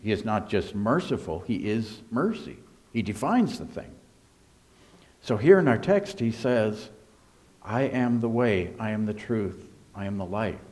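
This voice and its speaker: A man preaching a sermon as pastor, emphatic, swinging between hushed and raised delivery. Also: fairly low pitch, expressive, unhurried.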